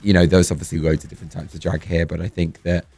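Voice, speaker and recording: A camp, lively man from talks as a guest, his voice hoarse from overuse. His speaking tone sits very low. Faint music plays behind him. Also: fast, no echo. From London. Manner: camp, animated and upbeat. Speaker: guest, drag performer. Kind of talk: casual chat.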